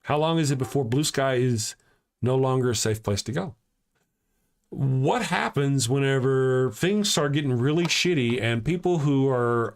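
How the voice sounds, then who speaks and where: A man hosting a live-streamed talk show, ranting heatedly and answering chat comments aloud from home. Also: mid-range voice.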